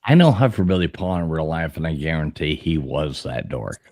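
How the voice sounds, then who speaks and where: Teasing man with a lively voice. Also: extremely low pitch, a little fast. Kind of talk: casual group chat.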